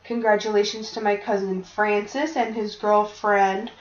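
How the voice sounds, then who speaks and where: A woman's voice: medium pitch, little pitch movement, measured pace. Woman, podcast co-host, blunt casual chat with swearing; echoey room, muffled lo-fi mic. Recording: roomy, dull lo-fi podcast recording.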